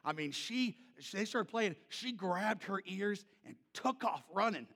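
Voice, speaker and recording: A male pastor telling a story in a sermon, loud and animated, then dropping to soft, gentle tones. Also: high-pitched, measured pace, creaky, long reverb tail.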